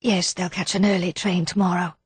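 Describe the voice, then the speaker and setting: A woman's voice: on the low side, little pitch movement, brisk, breathy edge, no room sound. A woman reading an audiobook, voicing an anxious, guilt-ridden young woman. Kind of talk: audiobook narration.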